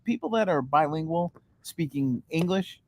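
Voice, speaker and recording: A man's voice: a little high, expressive, moderate pace, a little mellow, no room sound. A man co-hosting a podcast, chatting casually with dry, laid-back remarks. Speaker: podcast co-host. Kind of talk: casual chat.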